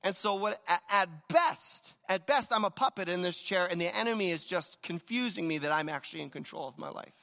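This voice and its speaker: A man's voice: high-pitched, expressive, brisk, gravelly, few pauses, sharp tone, long reverb tail. A man preaching a sermon with energy, telling stories and often repeating words as he starts a thought. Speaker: pastor.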